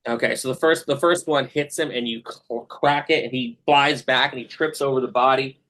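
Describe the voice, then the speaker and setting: A man's voice: mid-range voice, steady tone, normal speed, fairly bright tone. Man narrating as game master, filler-heavy. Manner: descriptive, with many fillers.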